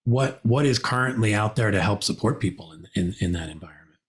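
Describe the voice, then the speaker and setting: A man's voice: on the low side, lively intonation, fairly quick. A man hosting a podcast, interviewing a guest attentively with frequent short affirmations. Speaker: podcast host.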